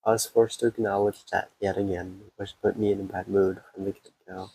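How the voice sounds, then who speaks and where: A man streaming a game, reading its text aloud in a subdued way and breaking off for quick comments. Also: low voice, flat delivery, mellow, a little hiss or hum, low-quality recording.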